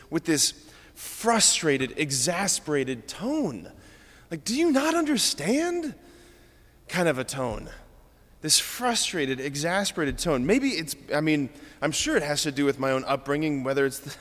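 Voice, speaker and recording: Male priest, slightly high voice, chatty earnest homily, long church reverb. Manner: earnest, informal, with many fillers. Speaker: Catholic priest. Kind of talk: conversational homily.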